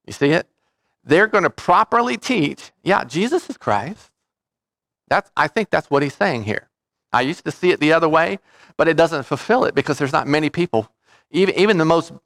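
A man's voice: mid-range voice, a bit bright, no echo, studio quality. A man preaching a sermon as pastor, in a conversational way that often stops to check in with his listeners. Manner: conversational preaching with frequent "okay?" check-ins.

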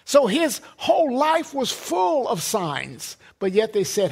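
Husky high-voiced male preacher. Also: very animated, unhurried. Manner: emphatic, repeats words and builds lists. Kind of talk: sermon.

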